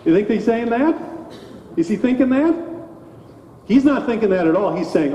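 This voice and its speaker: A man's voice: high voice, sing-song, moderate pace, pauses often, warm tone, slight background noise. A man, a pastor, giving a children's sermon in a church, talking animatedly and asking the children questions. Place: church sanctuary. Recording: echoey hall, dull sound.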